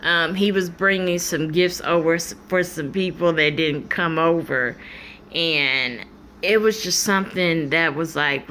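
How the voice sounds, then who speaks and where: A woman vlogger telling a personal story in a candid, animated, colloquial way. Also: deep voice, measured pace, a little hiss or hum.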